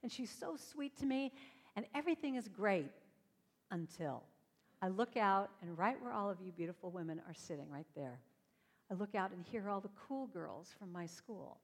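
A woman's voice: mid-range voice, lively intonation, moderate pace, in a large hall. A woman giving an inspirational talk on stage, telling her stories animatedly and acting out the voices in them. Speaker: inspirational speaker. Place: stage before a live audience.

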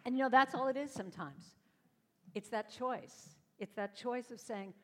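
Speaking at a moderate pace in a slightly high voice, a woman tells animated stories during an inspirational stage talk, performing the voices of the people involved. The live audience setting gives her a big-room sound.

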